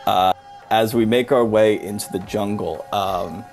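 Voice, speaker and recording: A man narrating a tabletop game as game master, relaxed and halting. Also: on the low side, soft background music. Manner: relaxed, halting, many fillers.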